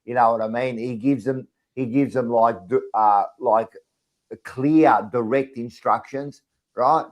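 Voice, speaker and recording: A man's voice: medium pitch, steady tone, unhurried. An Australian man co-hosting a casual sports chat show, emphatic and repetitive, often tagging his lines with 'mate'. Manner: emphatic, repeats phrases and tags lines with 'mate'. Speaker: podcast co-host.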